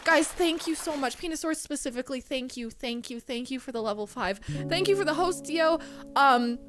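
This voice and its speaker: A young woman in her twenties streaming live, excitedly thanking donors, swearing and fighting back tears. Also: high-pitched, a little fast, music in the background. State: close to tears. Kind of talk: casual live-stream chat.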